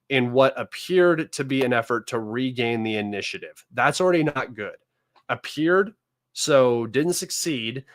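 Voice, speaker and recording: A man's voice: on the low side, fairly bright tone, no room sound. A man hosting a live political commentary stream, reading news articles aloud and mocking them with scorn.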